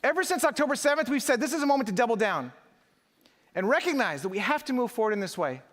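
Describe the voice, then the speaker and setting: High-voiced man giving a keynote in a hall. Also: very animated, quick pace, fairly bright tone. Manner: rhetorical, audience-engaging, emphatic. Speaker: conference speaker. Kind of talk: live keynote speech. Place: large conference hall. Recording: echoey conference hall.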